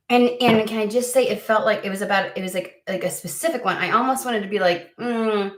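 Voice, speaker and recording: A woman from the United States chatting casually to camera as a tarot reader, rambling and halting, with lots of fillers and restarts. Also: mid-range voice. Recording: echoey room.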